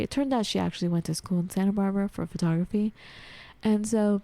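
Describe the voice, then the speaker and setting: A woman guest on a podcast, telling a personal story in lively conversation, acting out the voices of people she quotes and using many filler words. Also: medium pitch, fast talker, dry recording. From United States. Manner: animated, acts out quoted voices, frequent "like".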